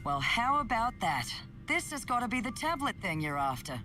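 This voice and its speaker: A woman's voice: a little high, very animated, normal speed. An actress voicing a wry, easygoing woman companion in a video game, with a dry, teasing manner. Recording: distant, over game music.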